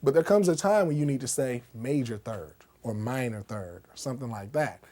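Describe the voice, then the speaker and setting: A man's voice: medium pitch, animated, moderate pace, mellow. A man teaching a casual music lesson, speaking conversationally, demonstrating on a keyboard and often checking in with "okay?" and "right?". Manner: demonstrates on a keyboard while explaining.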